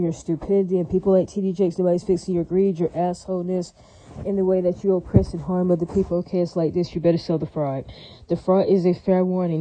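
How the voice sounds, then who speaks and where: A man's voice: high voice, dark tone, no room sound, lo-fi sound. A man delivering a repetitive, profane, insistent ranting monologue as a vlogger.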